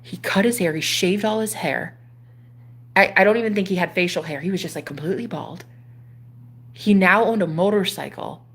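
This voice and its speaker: A woman in her thirties, a spiritual coach, telling a personal story to her viewers in an animated, casual way, swearing freely. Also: on the low side, normal speed. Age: 30s.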